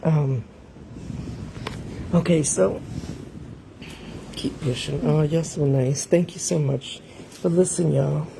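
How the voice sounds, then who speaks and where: A middle-aged woman live streaming from home, fighting back tears as she keeps pausing to talk to her viewers. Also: deep voice, vocal fry. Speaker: livestreamer. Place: home room with a fan running. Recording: noisy home livestream with fan hum.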